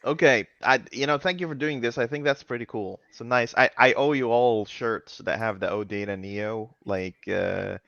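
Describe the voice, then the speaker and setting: A man hosting a casual chat over a video call, lively and laughing often. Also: mid-range voice, normal speed, creaky, few pauses, dry recording, lo-fi sound. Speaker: host.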